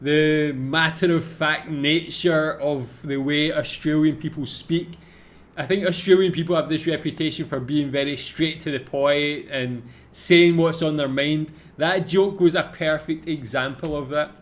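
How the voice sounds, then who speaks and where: Scottish man, laid-back reaction host, slow unhurried speech, slightly high voice. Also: fairly even intonation. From Scotland. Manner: laid-back, laughs often, says "man" a lot. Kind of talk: casual reaction commentary.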